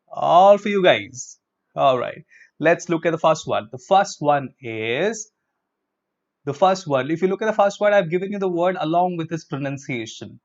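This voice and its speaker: A male teacher, giving a live vocabulary lesson and drawing out words slowly to drill their pronunciation. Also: a little high. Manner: drills pronunciation with slow, drawn-out repetitions. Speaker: English teacher. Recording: dull lo-fi stream audio.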